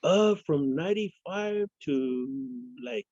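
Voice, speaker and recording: A man's voice: on the high side, expressive, slow pace, darkish tone, dry recording. A man from Fresno, a guest in a casual interview, telling rambling profane stories and acting out other people's voices. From Fresno, California. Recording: dull lo-fi sound.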